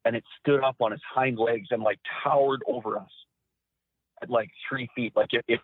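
A man recounting hunting stories as an interview guest, animated and acting out quotes in a raised voice. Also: mid-range voice, moderate pace, dry recording. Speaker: guest, former hunting cameraman. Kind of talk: storytelling interview. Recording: dry, phone-like narrow sound.

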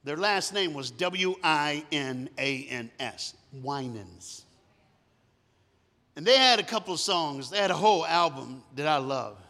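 A man preaching a storytelling sermon, moving between hushed and loud, sometimes singing lines of a song. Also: on the high side, animated, a little slow. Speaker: guest preacher. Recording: long hall reverb.

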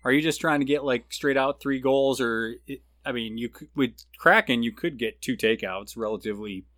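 Bright-voiced man joking about a game. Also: mid-range voice, normal speed. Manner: agreeable, jokey, chimes in with short affirmations. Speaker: podcast co-host. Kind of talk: casual tabletop game discussion.

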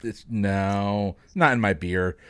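A man's voice: on the low side, slow, clear, resonant tone, no room sound. A man hosting a casual podcast chat, joking and greeting each guest by name. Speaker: podcast host.

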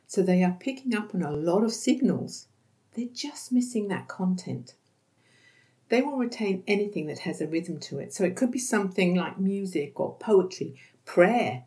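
Woman podcast host, low voice with vocal fry, patient educator tone. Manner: calm, explanatory, acts out sample dialogues.

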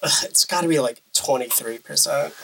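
A woman's voice: deep voice, moderate pace, gravelly, a bit bright. Woman co-host on a noisy line. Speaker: podcast co-host. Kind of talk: casual movie review chat.

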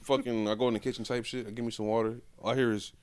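A man's voice: medium pitch, little pitch movement, very fast, darkish tone, a little hiss or hum. A man from Florida co-hosting a podcast, rambling through slangy stories and acting out quotes in casual banter. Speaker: podcast co-host.

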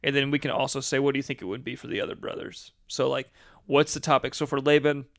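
A man's voice: medium pitch, little pitch movement, fast, gravelly, fairly bright tone. A man co-hosting a casual podcast with his brothers, jokey and setting up segments. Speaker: podcast co-host. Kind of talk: casual chat.

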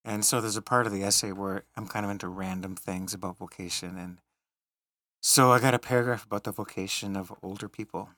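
Man, middle-aged, low voice, reflective storyteller, dry close sound. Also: fairly even intonation, a little fast, bright, forceful tone, no room sound. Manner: reflective, tender storytelling, laughing at funny moments. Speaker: podcast host. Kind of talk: storytelling in casual conversation.

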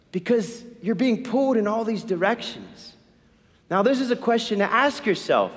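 A male priest delivers a sermon in a church, his voice a touch high and swinging widely up and down. He presses his listeners with urgent questions and repeats his key lines. A long reverb trails behind every phrase. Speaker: Catholic priest.

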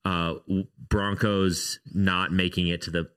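A man's voice: sits low, flat delivery, unhurried, a bit bright. A man hosting a faith podcast, chatting casually and joking at his own expense. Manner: joking, self-mocking banter. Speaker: podcast host. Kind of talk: casual chat.

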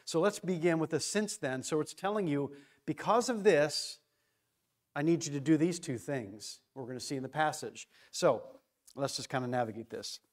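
A man leading an informal Bible study, talking excitedly, restarting phrases and stressing key words. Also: fairly high pitch, fairly quick.

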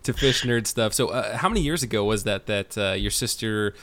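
Animated male podcast host, fairly low voice. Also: brisk, no echo. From California. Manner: animated, jumps into exaggerated high voices for quoted people. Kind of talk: casual podcast interview.

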